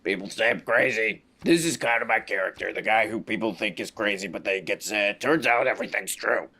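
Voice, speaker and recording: A man's voice: lowish voice, fairly quick, creaky, bright, forceful tone. A man doing casual live-stream commentary over clips, sarcastic and rambling, with a mocking tone.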